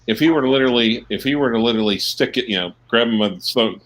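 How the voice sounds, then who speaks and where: A man's voice: medium pitch, fast talker, a bit bright. A man calling in for a casual chat who lays out his argument step by step. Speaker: caller.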